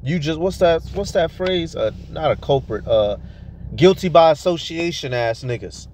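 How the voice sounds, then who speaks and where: A man's voice: fairly high pitch, expressive, normal speed, darkish tone, slight background noise. A man preaching a heated, profane rant full of rhetorical questions. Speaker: street preacher vlogger. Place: at a tire shop, near a vehicle.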